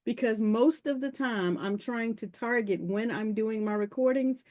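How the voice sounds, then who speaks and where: A woman joining a casual group video call, telling a story in an expressive, animated way. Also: a little high, normal speed. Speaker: call participant. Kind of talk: casual chat.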